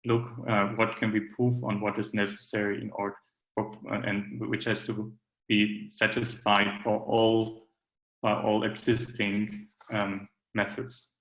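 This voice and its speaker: A man's voice: on the low side, monotone, a little slow, a bit bright. Man lecturing in a roomy hall. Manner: hesitant, many fillers and restarts. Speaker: academic speaker. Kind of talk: conference talk.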